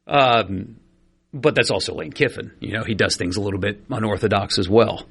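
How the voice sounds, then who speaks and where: A man's voice: medium pitch, expressive, moderate pace, gravelly, pushed and bright, slightly rough. A man hosting a sports radio show, chatty and opinionated, with frequent fillers. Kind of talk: casual sports talk radio. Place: radio studio.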